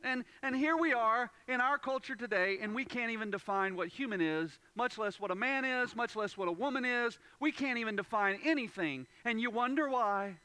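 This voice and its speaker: A man delivers a sermon in a very high, bright voice that stays close and dry in the recording. He presses his points with emphasis, restating key phrases and rising to loud moments. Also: normal speed, few pauses, smooth, dry recording. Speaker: pastor.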